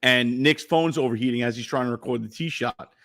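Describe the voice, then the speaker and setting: A man's voice: mid-range voice, a little fast, fairly bright tone. A man co-hosting a sports podcast, rambling through stories in laid-back casual chat with lots of fillers. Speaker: podcast co-host.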